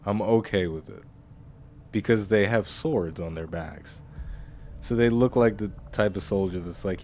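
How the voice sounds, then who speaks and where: A man's voice: fairly low pitch, a little slow, dark tone, a little hiss or hum. A man casually commenting on his own strategy-game playthrough in a chatty, rambling way. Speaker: let's-play host.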